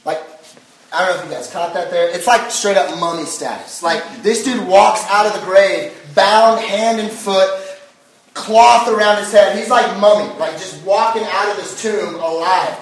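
A young pastor preaches a sermon in a casual, chatty style packed with fillers. His high-pitched voice moves at normal speed, recorded from far off in an echoey hall.

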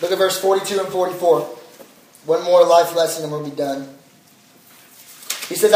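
High-voiced young preacher in echoey hall. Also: male voice, moderate pace, long pauses, darkish tone, recorded from a distance, a little hiss or hum. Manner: casual, chatty preaching with many fillers. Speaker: pastor. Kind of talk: sermon.

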